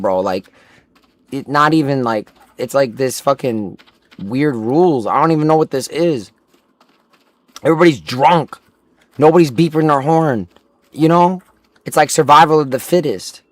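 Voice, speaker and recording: A young man livestreaming a game while telling a rambling, profane story full of filler words. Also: fairly high pitch.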